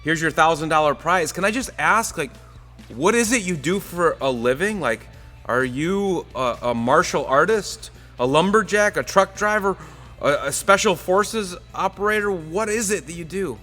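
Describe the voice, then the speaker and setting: A talkative bartender with a bright, forward tone, as a preacher puts him on. He fires off rambling, amazed questions in an easygoing way. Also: on the high side, expressive, moderate pace, faint music behind, pitched above the performer's own voice. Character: boastful male bar bartender, easygoing.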